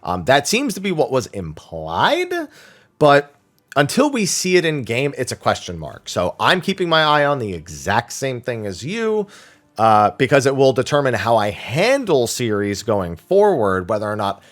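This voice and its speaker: A man hosting a weekly viewer Q&A, reading questions aloud and thinking them through in a casual, animated way. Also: mid-range voice, normal speed. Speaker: streamer answering viewer questions.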